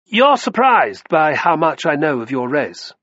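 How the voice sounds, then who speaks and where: A smug Roman nobleman, put on by a male narrator, condescending and drawling, speaking higher and louder than the narration. The voice is husky and dry on a dull, lo-fi recording. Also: big pitch swings, a little slow, dry recording, heavily acted.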